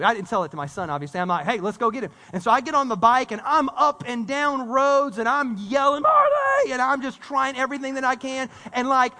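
A man preaching a casual, animated sermon, full of story and slang, with frequent repeated words. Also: extremely high pitch. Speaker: pastor. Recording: long reverb of a church hall.

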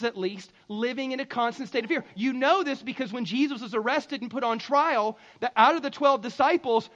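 A man preaching a sermon in a conversational, emphatic way, with sudden loud bursts. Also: high voice, muffled recording. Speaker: pastor.

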